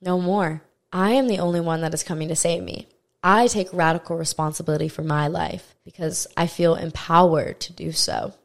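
A woman's voice: on the low side, fairly even intonation, moderate pace, vocal fry. A young adult woman hosting a solo self-help podcast, speaking in an earnest, emphatic, motivational way and repeating phrases for impact. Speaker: podcast host.

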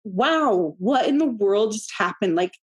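A woman in her thirties, an interview guest, telling a personal story in a chatty, animated way with many fillers and laughs. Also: mid-range voice, measured pace, breathy edge. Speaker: podcast guest.

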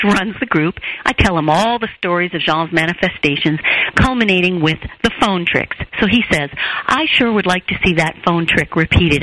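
Animated woman telling a personal story. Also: poor audio. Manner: expressive, acts out quoted voices with big pitch jumps. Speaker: guest, relationship therapist. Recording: radio show.

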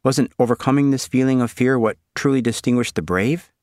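A man narrating an audiobook in a dry, deadpan, wry manner. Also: mid-range voice, fairly quick, no echo.

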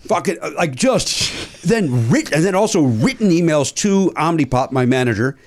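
A man hosting a comedy podcast, telling stories in a quick, profane, joking way. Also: on the high side, animated. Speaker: podcast host. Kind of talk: casual comedy podcast chat.

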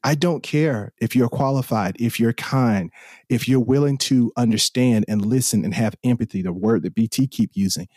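A man's voice: mid-range voice, normal speed, dark tone, no echo, clean studio sound. A man in his forties from the Southern US, a podcast host speaking earnestly and with passion, often repeating himself for emphasis. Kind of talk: heartfelt podcast conversation.

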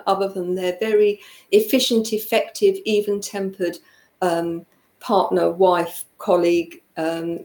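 Woman host, measured delivery, echoey room. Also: mid-range voice, darkish tone. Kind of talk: casual conversation. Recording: roomy echo.

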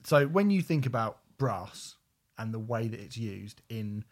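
A man's voice: on the low side, expressive, measured pace. A man co-hosting a music podcast, rambling and searching for words, swearing casually. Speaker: podcast co-host. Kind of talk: casual chat about music albums.

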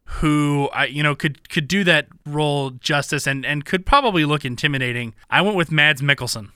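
Bright-voiced man, casual podcast co-host. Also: a little high, smooth, no echo, clean studio sound. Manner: relaxed, halting, lots of restarts. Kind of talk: casual movie-recasting chat.

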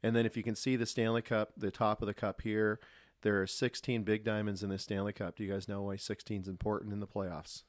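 A former pro hockey player, a man, telling relaxed, rambling stories as a podcast guest. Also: fairly low pitch, fairly quick, no room sound, clean studio sound. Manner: relaxed, anecdotal, lots of restarts. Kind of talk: casual storytelling.

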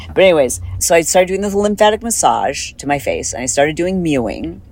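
A woman's voice: low-pitched, a little fast, faint music behind, rough recording. Chatty woman with a slight lisp. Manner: chatty, rambling, animated. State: slight lisp from dental work. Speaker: podcast host. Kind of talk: casual chat, recorded on the go. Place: in a car.

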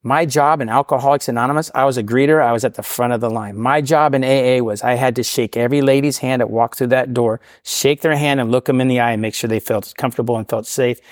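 A man's voice: mid-range voice, fairly even intonation, quick pace, few pauses, dry recording, clean studio sound. A middle-aged man, a podcast guest, telling his recovery story casually, often tagging "right?" and laughing at himself.

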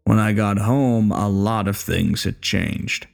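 A man playing a gravelly, bitter old war veteran. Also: fairly low pitch, takes it slowly, soft background music. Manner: coarse, taunting, profane. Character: bitter older male war veteran, crude and menacing. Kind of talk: horror story narration.

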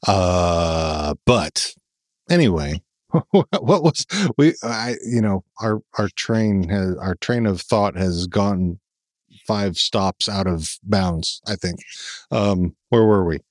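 A man's voice: low-pitched, takes it slowly, no echo, studio quality. A man from Texas co-hosting a podcast, chatting casually, laughing often and swearing freely. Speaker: podcast co-host. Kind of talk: casual chat.

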